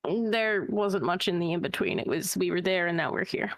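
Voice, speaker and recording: A woman's voice: on the low side, moderate pace, gravelly. Wisecracking woman player. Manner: wisecracking, joking asides. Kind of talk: tabletop role-play banter.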